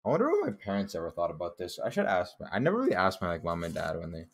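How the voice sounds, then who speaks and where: A man's voice: deep voice, huge pitch swings, rapid-fire. A young man casually commenting on his old childhood drawings, laid-back and joking, swearing now and then and laughing at himself.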